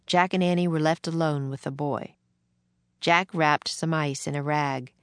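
A woman reading a children's book aloud in a gentle, measured way. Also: sits low, steady tone, clear, resonant tone, no room sound. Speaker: narrator.

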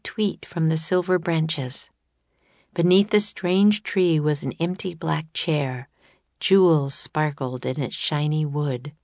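Calm, slow woman reading a storybook. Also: low voice, no room sound. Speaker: narrator. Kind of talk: reading a children's chapter book aloud.

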